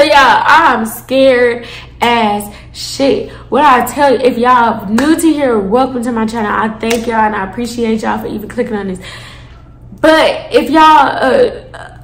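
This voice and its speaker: High-voiced, animated young woman storyteller. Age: 20s. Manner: animated, dramatic, swearing freely. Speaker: storytime vlogger. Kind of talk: casual storytelling to viewers. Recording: echoey room.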